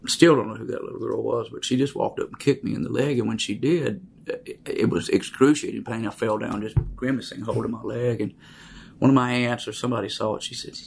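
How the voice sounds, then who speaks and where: A man, telling his life story in a halting, reflective way with many fillers. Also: medium pitch, fairly even intonation, vocal fry, a little hiss or hum. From Mississippi, USA.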